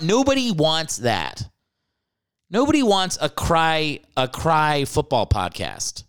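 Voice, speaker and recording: A married man hosting a comedy podcast, ranting with joking asides and casual swearing. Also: medium pitch. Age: adult, married. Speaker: podcast host.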